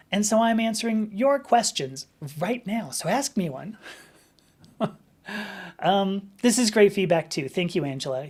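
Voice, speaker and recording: A middle-aged woman hosting a casual livestream, answering viewer questions in a chatty, animated storytelling manner. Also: on the low side.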